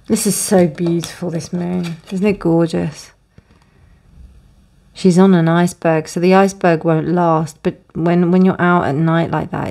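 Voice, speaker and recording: A woman's voice: fairly low pitch, mellow. A woman giving a casual tarot reading, rambling with many restarts and fillers. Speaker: tarot reader. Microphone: close, dry room with windows closed.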